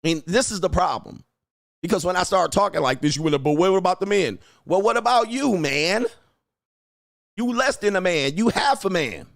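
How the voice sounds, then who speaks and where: A man hosting a livestream, ranting at his viewers in a loud, mocking, insulting way. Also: sits high, animated, moderate pace, vocal fry, dry recording, clean studio sound. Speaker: online dating coach host. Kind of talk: livestream rant.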